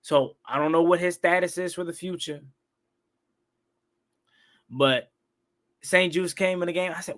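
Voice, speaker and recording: A young man hosting a live-stream football recap, excitable and repetitive, ranting and questioning the calls. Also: high voice, a little slow, pauses often. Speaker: sports talk host.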